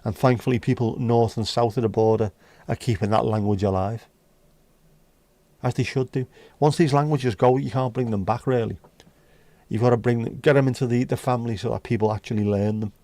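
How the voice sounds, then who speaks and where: Man, casual livestream chat, blunt and chatty, mid pitch, dry close sound. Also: fairly even intonation, brisk, dark tone, no room sound. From North West England. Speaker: livestream host.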